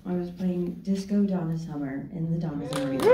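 Lively woman telling a story in a theater. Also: on the low side, normal speed, a loud crowd, heavy background noise. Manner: lively storyteller, laughing often. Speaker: actress guest. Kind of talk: onstage conversation. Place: theater stage, roomy hall. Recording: echoey theater, distant mic.

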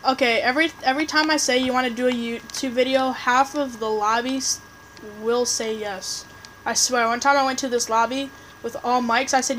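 High voiced lady yapping thru a game, all over the place, trash talking the others. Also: fairly quick, a little hiss or hum, low-quality recording. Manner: rambling, excitable, trash-talking teammates; restarts and fillers, chatty. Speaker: gameplay commentator. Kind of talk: casual live game commentary.

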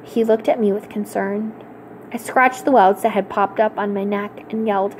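A woman reading a children's novel aloud for a library storytime, in an expressive, clear storytelling manner. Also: mid-range voice, moderate pace, slight background noise.

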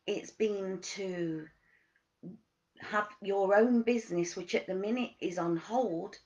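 A woman giving a motivational wellness talk as a coach, asking gentle questions and stressing key words. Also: medium pitch, takes it slowly, muffled recording.

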